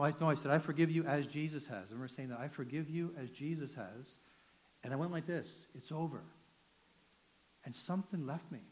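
A man's voice: a little high, poor audio. An earnest man delivers his testimony as a sermon, speaking with conviction in a slightly raised voice. He tells his story in an emphatic way and keeps it personal. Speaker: guest speaker giving testimony.

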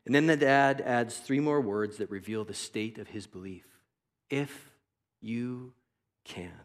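A man giving a devotional Bible teaching in an earnest, reflective and conversational way. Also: medium pitch. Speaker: preacher.

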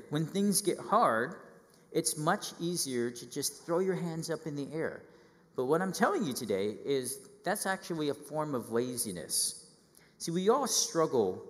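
A middle-aged man preaching a sermon to children, lively and full of questions, acting out quoted voices. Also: mid-range voice, in a large hall.

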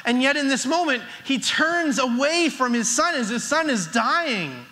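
A man's voice: extremely high pitch, animated, unhurried, pushed and bright. A middle-aged man preaching a sermon as pastor, earnest and emphatic. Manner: earnest, builds emphasis with restarts.

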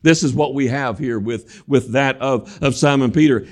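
A man's voice: mid-range voice, normal speed, few pauses. A man preaching a sermon in a church, walking about as he talks, folksy and repetitive, calling the congregation "folks". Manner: folksy, repeats words, addresses congregation as folks. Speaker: guest preacher. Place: church sanctuary. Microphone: walking while preaching, moving around the mic.

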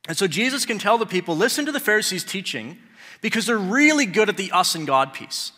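A man's voice: high-pitched, big pitch swings, brisk, bright, forceful tone, in a large hall. A man preaching a sermon in a conversational way, asking the congregation rhetorical questions. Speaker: pastor.

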